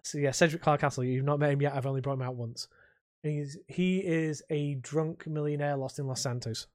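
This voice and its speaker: A man co-hosting a podcast in a casual, rambling chat, full of halting restarts. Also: fairly high pitch, fairly even intonation, a little mellow, dry recording, clean studio sound. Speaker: podcast co-host.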